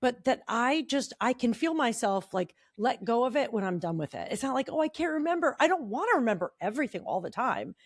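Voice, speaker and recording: Wry, lively, slightly high woman. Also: a little fast, hardly any pauses, dry recording, studio quality. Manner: wry, swears, acts out quoted lines. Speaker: podcast co-host. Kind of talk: casual chat.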